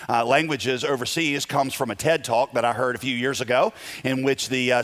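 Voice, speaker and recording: A man preaching a Sunday sermon as pastor of his church, energetic and joking, with many fillers as he talks. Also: medium pitch. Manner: energetic, humorous, frequent fillers. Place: church sanctuary.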